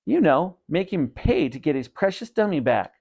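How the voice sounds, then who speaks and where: A man's voice: on the high side, sing-song, normal speed, creaky, darkish tone, dull audio, voice pushed up, exaggerated voice. A man voicing a bossy, mean boy who sneers and teases. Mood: sneering.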